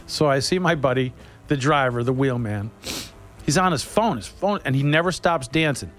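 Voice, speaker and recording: A man on the radio, telling a rambling funny story in a casual chat style, joking and laughing as he goes. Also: mid-range voice. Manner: animated, laughing, jokey storyteller.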